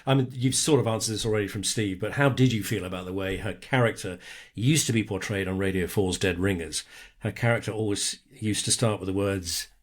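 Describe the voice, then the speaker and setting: A man's voice: fairly low pitch, brisk. A man co-hosting a podcast, reading listener questions aloud and laughing often. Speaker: podcast co-host. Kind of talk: casual interview chat.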